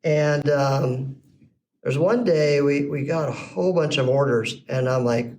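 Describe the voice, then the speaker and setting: A man's voice: fairly high pitch, measured pace. A middle-aged man, a podcast guest, telling his business story in a casual way and acting out the voices of the people in it. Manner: animated storyteller who acts out quoted dialogue. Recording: slightly distant mic with faint background noise.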